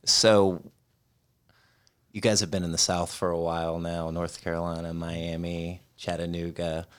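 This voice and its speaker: A man's voice: sits low, level tone, unhurried. A man hosting a podcast, asking questions in casual chat with a wry, self-mocking humor. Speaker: podcast host.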